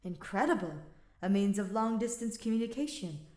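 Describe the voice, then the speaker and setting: A woman doing a dry, unhurried young scholar. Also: mid-range voice, animated, warm tone, roomy sound, close to an everyday voice.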